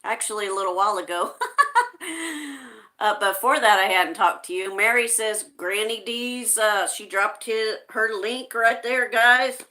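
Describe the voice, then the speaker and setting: A woman's voice: mid-range voice, steady tone, normal speed, hardly any pauses, bright, forceful tone. A woman hosting a casual live stream, greeting viewers by name and reading their chat messages aloud.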